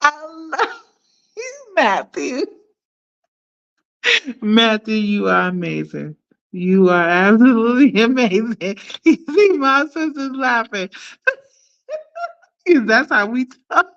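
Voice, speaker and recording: A woman hosting a casual livestream, playfully chatting with viewers, shouting them out and laughing often. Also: a little high, lively intonation, a little slow, vocal fry, lo-fi sound. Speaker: livestream host.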